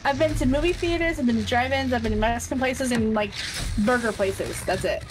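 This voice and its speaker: A woman's voice: fairly high pitch, a little fast, over music. A woman sitting in on a game stream, teasing the streamer and laughing a lot. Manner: teasing, laughs often, swears. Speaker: streamer's co-player. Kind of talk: casual teasing banter. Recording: noisy, partly off-mic.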